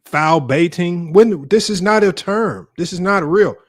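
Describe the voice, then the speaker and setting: A man's voice: high-pitched, moderate pace, husky. A man hosting a sports debate live stream, ranting in an exasperated, heated way to his viewers.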